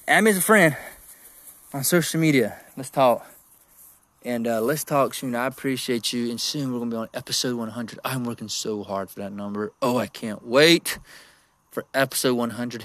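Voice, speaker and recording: A man hosting his own podcast, talking casually about business in a rambling, animated way, with emphatic repeated no's and self-deprecating asides. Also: medium pitch, dry recording. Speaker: podcast host.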